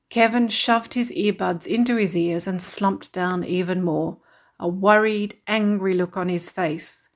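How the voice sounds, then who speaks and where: A woman reading a children's story aloud, narrating steadily and clearly. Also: on the low side, steady tone, a little slow.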